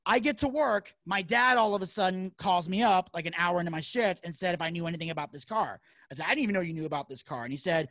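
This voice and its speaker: Fast-talking man telling a heated story. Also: high voice, lively intonation, fairly bright tone, no echo. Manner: fast, profane storytelling with heated acted-out quotes. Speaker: podcast guest. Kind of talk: casual storytelling.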